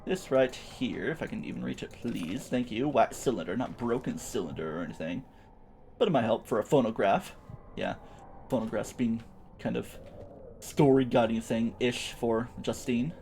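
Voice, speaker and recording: A young man streams a game, offering playful, chatty gameplay commentary full of silly sound words. His medium-pitched voice is a little mellow with lively intonation and a moderate pace, over slight background noise.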